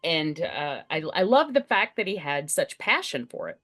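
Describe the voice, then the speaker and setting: A woman guest in a casual podcast chat, eager and animated, laughing easily. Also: deep voice, moderate pace, soft background music.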